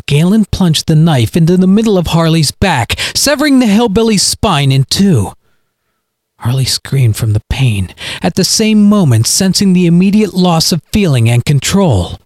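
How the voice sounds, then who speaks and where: A man narrating his own audio story with dramatic, expressive storytelling. His pitch moves in a lively, animated way, and his voice has a slightly husky grain. The recording is close and dry. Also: no room sound. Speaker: podcast author and narrator.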